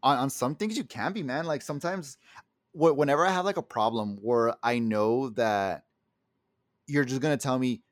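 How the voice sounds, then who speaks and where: A man in a loose podcast chat, his voice recorded close and dry with no room around it. He rambles and restarts often, swears freely and talks like an openly emotional guy. His pitch sits in an ordinary middle range. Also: normal speed, dry recording. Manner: self-described very emotional. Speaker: podcast co-host. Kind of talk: casual chat.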